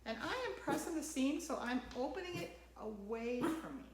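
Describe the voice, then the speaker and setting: At home, a sewing channel host gives a relaxed tutorial and keeps up a chatty conversation with her dog while she works. She has a high-pitched, expressive voice at a moderate pace, recorded in an echoey room with a noisy background.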